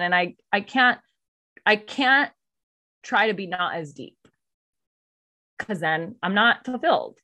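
A woman candidly telling a personal story, emotional and blunt, swearing freely and going much higher when heated. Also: sing-song, moderate pace, a bit bright.

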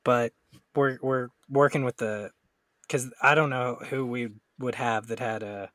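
A man with a somewhat nasal, mid-pitched voice co-hosts a loose podcast chat, rambling, joking and laughing between his lines. The sound is dry and close, with no room around it. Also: fairly even intonation, a little slow, a bit bright, no echo. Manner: joking, rambling, laughs often, swears freely. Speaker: podcast co-host. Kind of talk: casual chat.

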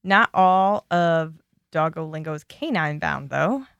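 A relaxed young woman chats casually as a co-host, reading from her notes with little fillers. Her voice sits a bit low. The sound is dry and close, with no room around it. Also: measured pace, gravelly, clear, resonant tone, no room sound, dull audio. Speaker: podcast co-host. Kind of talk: casual chat, reading out an article.

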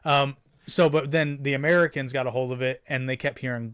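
Guy rambling about movies on a podcast, middle pitch, chatty and loose. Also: fairly even intonation, fast talker, fairly bright tone, clear, resonant tone. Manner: rambling, quotes movie lines in silly voices. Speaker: podcast co-host. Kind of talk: casual movie review chat.

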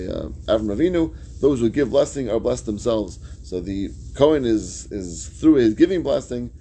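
A man's voice: medium pitch, mellow, a little hiss or hum. A man teaching a Talmud class, reading each phrase of the text and then explaining it in plain words.

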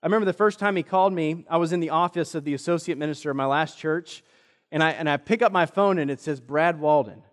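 In a church sanctuary with long reverb, a male pastor preaches a sermon, earnestly telling a personal story. His voice sits on the high side and moves at a quick pace, and he quotes other people in lively voices.

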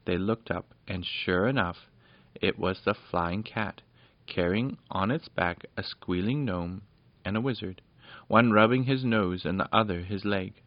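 A low-voiced man reads a children's storybook aloud in a plain, steady way, stumbling now and then. The recording is lo-fi and dry, with no room sound. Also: a little slow, no room sound. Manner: plain, steady reading with small slips.

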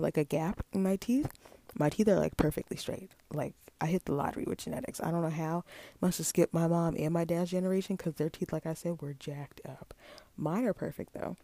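Gravelly-voiced woman in her late twenties. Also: low-pitched, dark tone, no echo. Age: late 20s. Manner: chatty, rambling with many fillers. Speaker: vlogger. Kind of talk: casual storytime chat.

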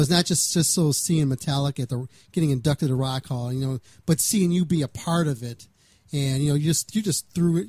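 A man co-hosting a casual interview, earnest and halting with fillers. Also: a little high, darkish tone, dry recording.

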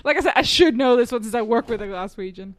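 A woman's voice: fairly high pitch, lively intonation, fast talker. A woman co-hosting a casual chat, giggly, unsure and mocking herself. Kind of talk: casual chat guessing game.

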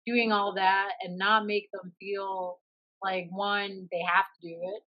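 A woman in her thirties in casual conversation, telling stories in an animated way and often laughing. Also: medium pitch, slow pace, dull audio.

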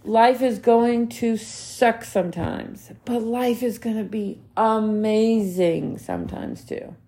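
A woman's voice: a little high, slow, creaky, mellow. Woman in her 30s doing a solo podcast, earnest and emphatic, says the same thing twice, swears a bit. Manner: earnest, emphatic, repeats key phrases, swears casually. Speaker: podcast host. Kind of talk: motivational solo podcast talk.

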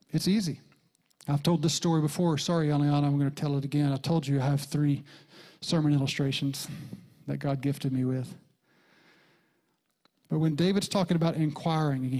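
A middle-aged male pastor preaches a sermon, telling a story with lively jumps in pitch and soft, whispered quotes.

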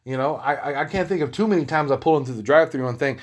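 Man, casual vlog talk, rambling, swears a lot, relaxed. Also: on the high side, very fast. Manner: rambling, profane, laid-back. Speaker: vlogger. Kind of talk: casual monologue.

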